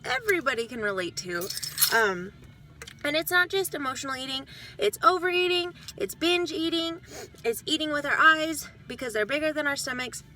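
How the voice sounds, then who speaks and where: A woman's voice: sits high, lively intonation, normal speed, bright, forceful tone. A woman talking casually to her viewers, blunt and frank, swearing freely and getting fired up as she lectures them. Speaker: vlogger. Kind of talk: casual talk to camera.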